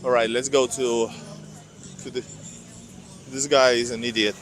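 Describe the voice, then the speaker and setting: A man's voice: medium pitch, little pitch movement, a little slow, fairly bright tone, soft background music. A man walking a city street in winter, talking casually and rambling to his viewers on a clip-on mic. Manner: rambling, chatty, addresses viewers as guys. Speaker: vlogger. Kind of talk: casual live street vlog. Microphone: clip-on microphone.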